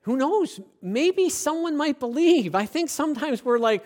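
Male pastor, high voice, animated sermon delivery with acted-out asides. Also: normal speed. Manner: lively, acts out quoted voices, rising to emphatic preaching.

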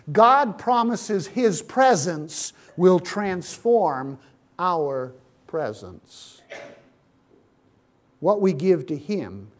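A man preaching a sermon, retelling a Bible story and speaking to his listeners as friends. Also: high-pitched. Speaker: pastor.

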